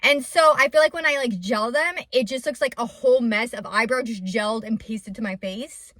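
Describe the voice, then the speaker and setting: A woman's voice: a little high, normal speed, a bit bright, no echo, clean studio sound. A young adult woman talking openly to her viewers in a confessional vlog. She rambles and fills her speech with "like". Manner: rambling and open, with many "like" fillers. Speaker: vlogger and small business owner.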